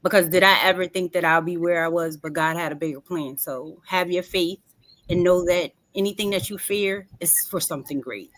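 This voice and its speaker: A woman's voice: on the low side, normal speed, a bit bright. A woman from New York, a magazine founder, giving earnest, faith-filled motivational answers in an interview.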